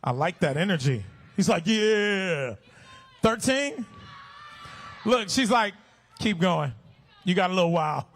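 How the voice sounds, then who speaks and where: A man working as an event MC, shouting playfully to a crowd of kids and running call-and-response games. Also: sits high, expressive, unhurried, pauses often, a little hiss or hum. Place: outdoor stadium fan event.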